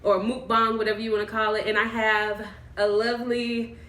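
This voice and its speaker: A woman's voice: mid-range voice, little pitch movement, fairly quick, fairly bright tone. Woman vlogger, casual eating chat, chatty and storytelling, roomy echo, mic far off. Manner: chatty, storytelling, laughs easily. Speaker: mukbang vlogger.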